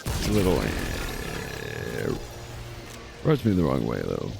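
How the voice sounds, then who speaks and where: A man's voice: extremely low pitch, huge pitch swings, slow, creaky, background noise. A man streaming a game live, chatting casually with a sarcastic, rambling manner and frequent restarts. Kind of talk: casual gaming stream chat. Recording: game music underneath.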